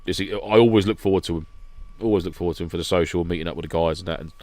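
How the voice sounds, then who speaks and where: A man with a fairly low voice tells a long, rambling story and laughs his way through it in a relaxed podcast chat. The sound is dry and close to the mic. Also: rapid-fire, no room sound. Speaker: podcast guest regular recounting an event. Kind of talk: casual chat.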